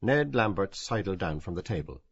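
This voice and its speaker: A man narrating a literary audiobook with measured, varied emphasis. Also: sits low, very animated, slightly rough. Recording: dull, dry lo-fi audio.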